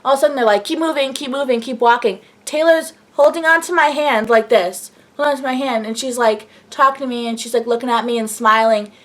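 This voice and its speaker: A young woman vlogger telling an excited story in a gushing, breathless way, full of fillers. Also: a little high, fast, few pauses.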